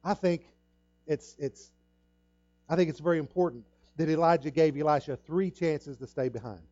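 A man's voice: on the high side, normal speed, dark tone, no echo, highs cut off. Earnest man preaching a sermon. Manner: earnest storytelling, repeats himself, acts out quoted dialogue. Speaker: pastor.

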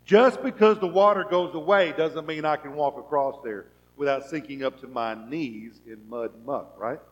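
Animated man preaching a sermon. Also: a little high, normal speed, muffled recording. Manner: rhetorical questions, voices people's thoughts, animated swings in loudness. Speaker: pastor.

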